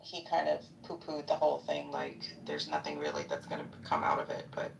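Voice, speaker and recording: Gravelly deep-voiced woman in her fifties. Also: big pitch swings, brisk, far from the mic, background noise. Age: 50s. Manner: rambling, joking, gossipy. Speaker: participant in a live audio chat. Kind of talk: casual chat.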